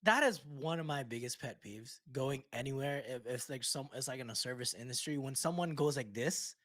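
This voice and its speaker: Animated man in casual podcast chat. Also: medium pitch, brisk, no room sound, studio quality. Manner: animated, swears freely. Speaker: podcast co-host.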